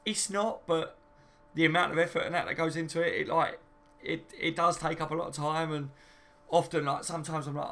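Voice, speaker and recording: A man's voice: on the high side, fairly even intonation, fast, creaky, fairly bright tone. A young man hosting a casual live stream from home, reading viewer comments and laughing often. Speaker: fan channel host.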